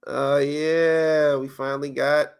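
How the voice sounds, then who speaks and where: A man with a slightly high, gravelly voice talks through the week's wrestling news in a loose podcast chat. He tells stories with lots of energy and laughs as he goes. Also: slow pace. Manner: animated, laughing, storytelling. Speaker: podcast co-host.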